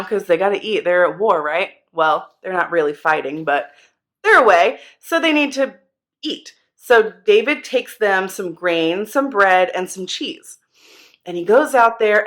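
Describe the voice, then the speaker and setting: A woman telling a Bible story to kids in a chatty, slangy, animated way. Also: fairly low pitch. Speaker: children's Bible teacher.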